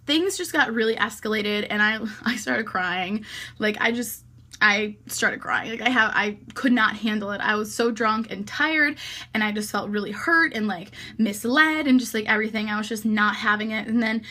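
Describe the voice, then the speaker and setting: A young woman vlogger telling a wild night-out story in casual, animated speech, full of "like" and swearing. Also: mid-range voice, moderate pace. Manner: animated, heavy use of "like" and swearing.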